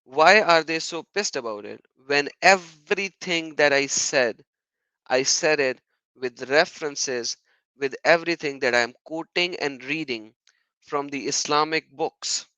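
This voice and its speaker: A man talks straight to his viewers in an emphatic, insistent way, circling back to the same points and firing off rhetorical questions. His voice is bright and forceful, and the recording is close and dry. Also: a little high, a little slow, dry recording, rough recording. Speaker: YouTuber responding to comments. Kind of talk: monologue commentary vlog.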